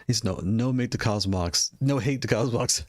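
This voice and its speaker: This man speaks in a mid-range voice at a moderate pace, and there's no echo. He's a gaming hardware video creator browsing game controllers and talking about them casually, rambling, repeating himself, and laughing often.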